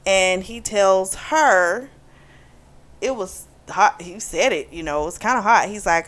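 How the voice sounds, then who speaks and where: A woman's voice: mid-range voice, unhurried, fairly bright tone. A woman hosting a book club channel, giving a chatty, opinionated review full of fillers.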